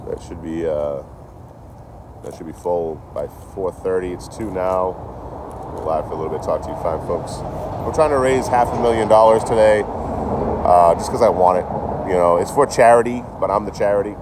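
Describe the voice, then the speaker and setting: A young train-hopping livestreamer with a deep voice chats casually at normal speed while outdoors in town near a store. He rambles and swears, laughing between thoughts. His phone picks up street noise around him.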